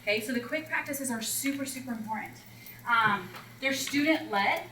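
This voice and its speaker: A math instructional coach, a woman, leads a teacher workshop, walking teachers through classroom routines in a chatty, animated way and acting out scenes with students. Her voice is a little high at a moderate pace. The recording has a roomy echo, she is far from the mic, and there is faint ambience with slight background noise.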